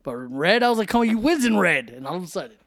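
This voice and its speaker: A man with a fairly high voice, co-hosting a casual wrestling podcast. He banters quickly and laughs often, heard on a dry close mic. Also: big pitch swings, fairly bright tone, no echo. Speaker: podcast co-host.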